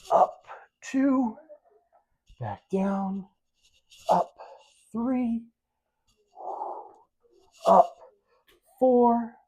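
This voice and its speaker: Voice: medium pitch, a little mellow, slightly rough. Upbeat instructor counting seated exercise reps. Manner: counts reps aloud, upbeat coaching with light jokes. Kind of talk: leading a seated exercise class. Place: at home with pets around.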